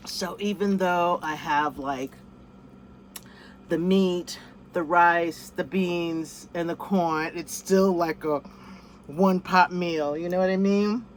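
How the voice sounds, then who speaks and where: Living off grid in or near a vehicle, a woman casually narrates a cooking vlog, describing her food and speaking to her pets. Her voice leans low, with a steady tone and slow pace over slight background noise.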